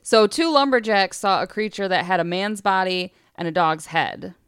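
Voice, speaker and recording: A woman co-hosting a podcast, telling spooky stories in casual chat, animated, laughing often and acting out the voices in her stories. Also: medium pitch, normal speed, smooth, no room sound, studio quality. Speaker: podcast co-host.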